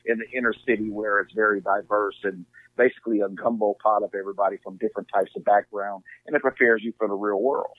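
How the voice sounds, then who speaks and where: A man's voice: lowish voice, steady tone, fast, few pauses, no echo. Earnest man on a tinny line. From Inglewood, California. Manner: earnest, heartfelt, filler-heavy. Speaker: podcast guest. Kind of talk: casual conversation. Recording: tinny phone-like line, dry.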